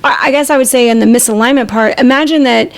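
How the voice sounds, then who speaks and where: A woman co-hosting a podcast in casual chat, animated, swearing freely and acting out her own thoughts. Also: on the high side, fast. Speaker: podcast co-host.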